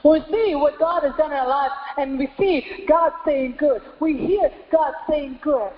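A woman pastor with a high-pitched voice delivers a sermon, building her points through repeated phrases and rhetorical questions. Her voice rings with a long echo, as if recorded in a large church hall. The sound is a little dull and muffled. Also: unhurried. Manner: repetitive preaching cadence with rhetorical questions.

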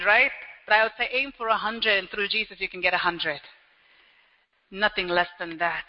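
A man preaching a sermon as pastor, animated and acting out everyday scenes with quick little quoted voices. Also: very high voice. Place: church hall. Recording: dull lo-fi sound with long hall reverb.

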